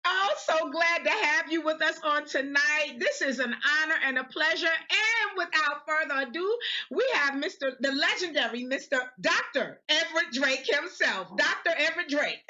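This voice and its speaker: A woman's voice: high-pitched, animated, moderate pace, sharp tone, highs cut off. A woman hosting an online music panel, effusive and exuberant, often repeating her phrases. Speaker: panel host. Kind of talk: enthusiastic live panel hosting.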